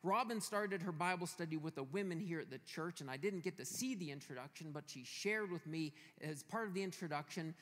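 Man, pastor, sermon, playful storyteller, high voice, long church reverb. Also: a little fast, few pauses, a bit bright. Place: church hall.

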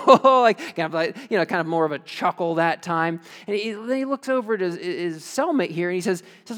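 A man preaching a sermon as pastor, casual and animated, telling stories with lots of fillers. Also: high-pitched, brisk. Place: church sanctuary. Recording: long reverb of a church hall.

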